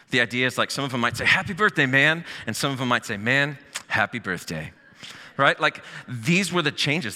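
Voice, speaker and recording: A man's voice: mid-range voice, long reverb tail. A man teaching a casual, joking sermon to a live and online congregation. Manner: casual, joking, lively teaching with acted asides. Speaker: pastor.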